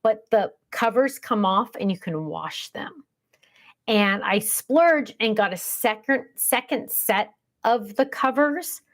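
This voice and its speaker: A woman's voice: medium pitch, lively intonation, slow. A middle-aged woman hosting a casual livestream, chatting in a rambling way and reading out viewer comments. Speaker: livestream host.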